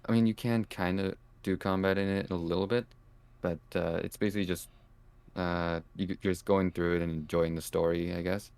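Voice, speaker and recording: Calm, deep-voiced male guest. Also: moderate pace, smooth, no room sound. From Canada. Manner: calm, hesitant, many fillers. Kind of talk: casual interview chat.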